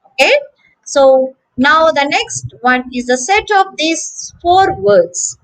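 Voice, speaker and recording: A woman teaching English pronunciation, saying each word slowly and several times with clear syllable stress. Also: high-pitched, very animated, low-quality recording. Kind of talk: slow, careful pronunciation lesson.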